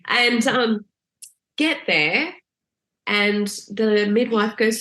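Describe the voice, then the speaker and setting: A bright-voiced woman tells her birth story casually on a podcast, laughing often and acting out the lines she quotes. Her voice has a roomy, echoey sound. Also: fairly high pitch, normal speed. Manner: lively, laughing, acts out quoted lines in a raised voice. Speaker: podcast guest.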